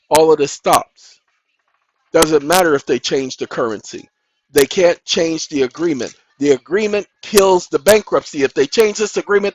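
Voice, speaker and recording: Man, host, high voice, emphatic preaching-style delivery that swells into loud insistent bursts; noisy recording. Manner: emphatic, repeats "ladies and gentlemen", rises into loud insistent bursts. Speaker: channel host.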